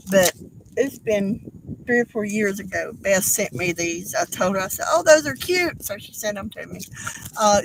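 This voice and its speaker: Older woman, halting and tearful. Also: mid-range voice, noisy background. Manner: tearful, halting, apologetic, with many fillers. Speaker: craft livestream host. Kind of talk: casual craft livestream chat.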